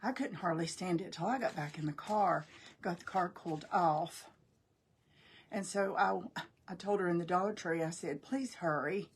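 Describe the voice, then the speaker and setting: A woman's voice: fairly low pitch, moderate pace, husky. Chatty grandmother with a drawl. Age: older. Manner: chatty, folksy, talks to viewers while working. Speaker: craft live-stream host. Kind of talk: casual crafting live stream.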